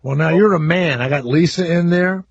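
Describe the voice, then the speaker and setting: A man's voice: on the high side, normal speed, vocal fry, slightly rough, dull audio. A man hosting a call-in radio talk show, brash, crude and joking with callers. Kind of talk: casual call-in radio banter. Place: radio studio.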